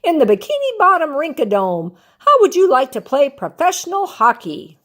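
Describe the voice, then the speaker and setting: A grandmother voicing a smooth-talking male sports agent in a storybook, with coaxing salesman patter. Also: high voice, huge pitch swings, normal speed, fairly bright tone, pitched above the performer's own voice, full character voice. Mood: persuasive.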